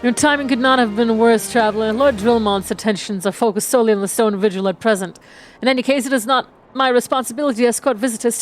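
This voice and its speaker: A woman reading aloud as a gruff male castle guard, sarcastic and dismissive. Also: on the high side, natural voice. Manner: sarcastic, laughs at the traveler. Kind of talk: reading game dialogue aloud.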